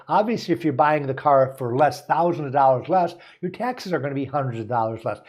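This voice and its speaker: A man's voice: medium pitch, quick pace, hardly any pauses. A man from the United States who hosts a show as a car dealer. He gives casual advice, partly reads aloud, and rambles folksily with many asides and restarts.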